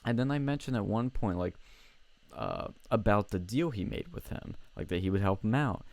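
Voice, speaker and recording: A young man tells a heated story in a casual, animated way, swearing often and tripping over his own sentences. His voice sits low. The sound is dry and close, with no room echo. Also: moderate pace, gravelly. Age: young adult. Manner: animated, swears freely, many restarts. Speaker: college student telling a story on a show. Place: home.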